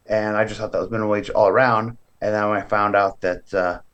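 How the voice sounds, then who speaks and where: A man's voice: fairly low pitch, fast talker, dull audio. Man telling a story in a casual interview. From California. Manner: lively storyteller who acts out other people's voices. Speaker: guest, professional wrestler.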